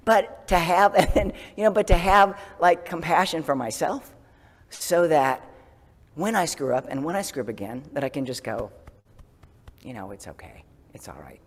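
A man giving a casual sermon as a Zen priest, self-deprecating and laughing often, dropping to a soft whisper for gentle self-talk. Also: a little high, lively intonation, normal speed, in a large hall.

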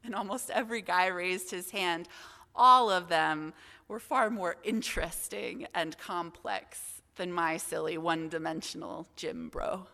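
A young woman with a bright, clear-edged voice tells a candid story from the pulpit with self-deprecating humor. Her words carry a long hall reverb. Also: fairly low pitch, unhurried. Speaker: assistant minister. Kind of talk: sermon reflection.

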